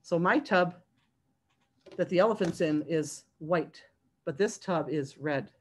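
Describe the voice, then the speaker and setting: A children's librarian reading a picture book aloud to young children over a video call, sing-song and animated, stopping to ask the kids questions. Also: female voice, fairly low pitch, takes it slowly.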